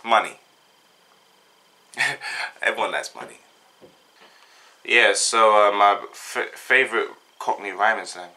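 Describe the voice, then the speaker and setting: Laid-back South London young man, bright tone. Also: on the low side, slow, pauses often. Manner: laid-back, jokey, rambling with slang. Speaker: vlogger. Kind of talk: casual chat, answering a tag.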